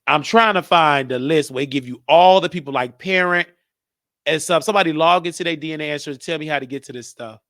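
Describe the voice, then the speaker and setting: Here the show host speaks fast in a slightly bright voice on the high side, talking casually and rambling through a live-stream monologue while joking and musing aloud. It's a dry, studio-quality recording.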